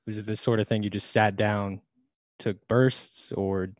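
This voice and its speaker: Low-key man reading fan questions. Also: little pitch movement, measured pace, dry recording, lo-fi sound. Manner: reads names and questions aloud, low-key.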